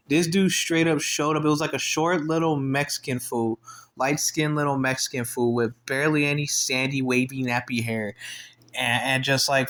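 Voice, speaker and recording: A young man telling a story in a casual vlog, profane and rambling, breaking into laughter often. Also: mid-range voice. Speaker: vlogger.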